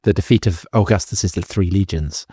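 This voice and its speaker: A man adds short, wry comments to a history conversation. His voice is fairly low. The sound is dry, with no room echo. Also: warm tone, husky. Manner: wry, quick asides. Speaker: podcast co-host. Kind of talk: conversational interjections.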